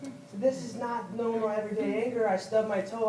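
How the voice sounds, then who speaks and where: Young male veteran speaker, fairly high voice, halting and earnest, picked up from across an echoey hall with faint noise. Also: steady tone, warm tone, far from the mic. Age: young adult. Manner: halting, earnest, repeats himself, rises when upset. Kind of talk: personal speech at a political event. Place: event hall.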